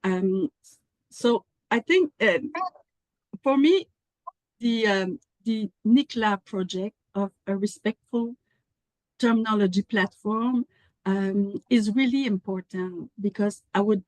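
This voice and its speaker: Slow, careful woman answering questions. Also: mid-range voice, darkish tone, no echo, low-quality recording. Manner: careful, with frequent fillers. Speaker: librarian presenter.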